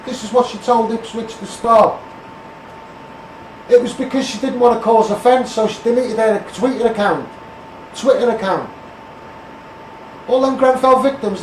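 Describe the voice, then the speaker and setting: A street campaigner with a Scouse accent delivers a blunt, repetitive political rant, naming people and demanding what they will do about it. His voice is high, and the distant, roomy recording has a little hiss or hum.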